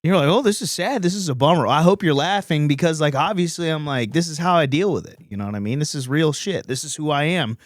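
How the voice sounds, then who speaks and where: A man's voice: on the high side, lively intonation, fast talker, few pauses, no room sound, studio quality. A man hosting a solo comedy podcast, telling stories in a rambling, profane, blunt way.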